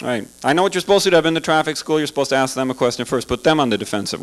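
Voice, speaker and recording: A man's voice: mid-range voice, lively intonation, rapid-fire, low-quality recording. A man doing a stand-up comedy set in a club, sarcastic and chatty, asking the crowd questions.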